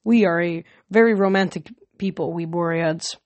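A woman's voice: on the low side, moderate pace, darkish tone, dry recording, lightly acted. Smarmy vain wind-god youth, as a woman reads him.

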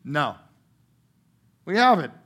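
High-voiced man preaching with big dynamic swings. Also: very animated, breathy edge. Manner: emphatic preacher, strong swings from loud bursts to quiet drawn-out phrases. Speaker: pastor. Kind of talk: sermon. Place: church room before a congregation.

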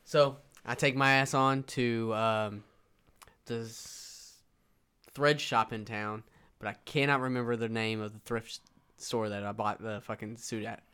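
A man playing in a tabletop game and chatting casually, swearing often and talking loudly. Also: on the low side, steady tone, unhurried, smooth. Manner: profane, boisterous. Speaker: player.

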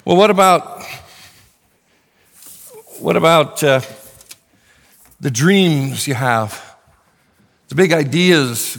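A high, bright male voice preaches a sermon in an earnest, conversational way, slipping in casual asides. The sound carries the long reverb of a big church hall. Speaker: pastor.

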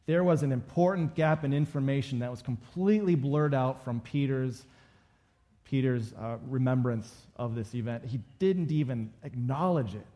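A man's voice: medium pitch, moderate pace, dark tone. A male pastor giving a conversational sermon and acting out quoted lines from the story.

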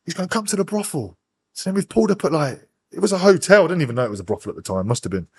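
Podcast guest, English male, quick animated storyteller, a touch high-pitched. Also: vocal fry, slightly rough. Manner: swears constantly, rapid animated storytelling, acts out voices. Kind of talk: casual storytelling interview.

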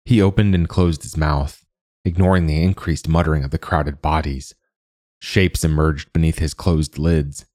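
A man narrating a dark fantasy audiobook in a measured, deliberate way. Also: rumbling low, fairly even intonation, dry recording, clean studio sound.

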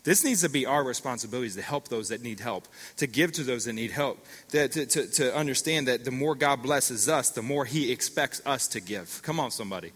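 A middle-aged man preaching a sermon, telling stories with lively swings and calling out to the congregation. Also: medium pitch, brisk, hardly any pauses. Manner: animated storytelling with call-outs to the congregation. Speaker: pastor. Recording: long reverb of a large hall.

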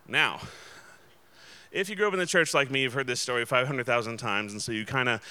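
A man preaching in an easygoing, chatty way, his voice bright and forward. He sounds crisp and smooth, and he keeps turning to his listeners with quick asides between fillers and restarts. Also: mid-range voice, lively intonation. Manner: casual and chatty, many fillers and restarts, checks in with the audience. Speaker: pastor. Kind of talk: conversational sermon.

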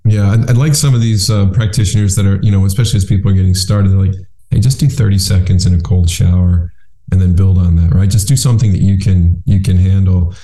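A man's voice: deep voice, steady tone, fast, dark tone. A man hosting a podcast interview who rambles and repeats words as he starts his sentences. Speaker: podcast host. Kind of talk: conversational interview. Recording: roomy echo.

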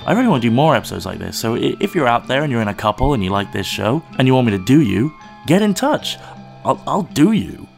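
An English podcast host whose Oxford speech carries a slight American twang, and his pitch swings up and down as he talks. His manner is cheeky and playful, and he laughs easily at his guests. Soft music plays faintly behind him. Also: sing-song, quick pace, vocal fry. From England. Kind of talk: casual podcast chat.

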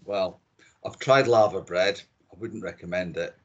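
A middle-aged man with a Scottish accent, talking as a guest on a podcast. His voice sits low, and he chats in a relaxed, opinionated way, often repeating words as he goes. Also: a little slow, muffled recording. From Scotland. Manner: chatty and opinionated, with frequent repeats. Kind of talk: casual podcast interview.

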